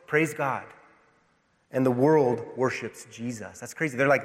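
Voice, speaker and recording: Guy preaching in church, gets fired up then goes quiet, big reverby room. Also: mid-range voice, moderate pace. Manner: passionate preaching, swings from loud to hushed. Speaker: pastor. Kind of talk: sermon. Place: church sanctuary.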